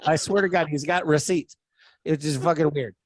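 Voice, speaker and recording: Animated swearing man telling a story. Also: a little high, normal speed, no echo, clean studio sound. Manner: animated, swears freely, acts out quotes loudly. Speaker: podcast storyteller. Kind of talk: casual storytelling chat.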